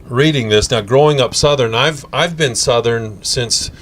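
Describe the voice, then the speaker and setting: A man's voice: mid-range voice, unhurried, fairly bright tone. A man from Colorado hosting a local TV interview show, asking friendly, chatty, leading questions. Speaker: TV show host.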